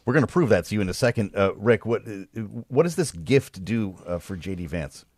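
Low-voiced male political show host. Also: expressive, brisk, dry recording, studio quality. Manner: conversational, quipping. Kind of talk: political discussion.

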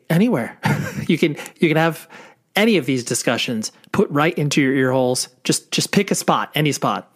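A man's voice: mid-range voice, fairly bright tone. A man hosting a podcast, giving a chatty, upbeat introduction and repeating words for emphasis. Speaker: podcast host.

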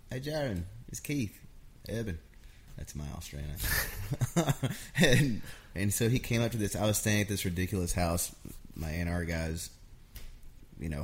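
Deep-voiced man telling stories. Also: slight background noise. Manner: animated, acts out quotes of others. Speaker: songwriter guest. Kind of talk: casual storytelling.

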